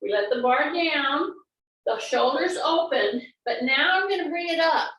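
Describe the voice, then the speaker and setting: A woman's voice: high voice, lively intonation, unhurried, fairly bright tone, recorded from a distance. A woman fitness instructor, coaching a class through exercises and repeating cues. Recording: echoey room, away from the mic.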